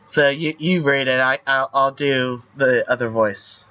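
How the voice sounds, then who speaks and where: A man's voice: medium pitch, unhurried, no echo. A young man streaming a text game, reading story passages and chatting loosely with casual swearing. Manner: loose and profane, reads story text aloud. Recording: dull lo-fi stream mic.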